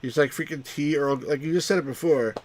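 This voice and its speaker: A man's voice: mid-range voice, quick pace, a little hiss or hum. A man hosting a live game stream in a loose, rambling chat. He pokes fun at himself and keeps talking to viewers in a plain, mid-range voice. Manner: rambling, self-mocking, chuckles often.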